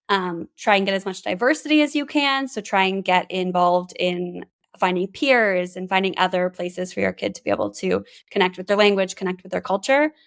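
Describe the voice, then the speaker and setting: A woman from Canada, a bilingualism specialist, chatting as an interview guest with lots of "like" fillers and restarts. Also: medium pitch. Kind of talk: casual interview chat.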